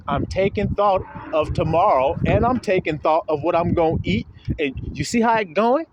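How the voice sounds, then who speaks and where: A man's voice: high voice, lively intonation, moderate pace, dull audio, background noise. A man preaching an informal sermon, folksy and profane, talking straight to his listeners.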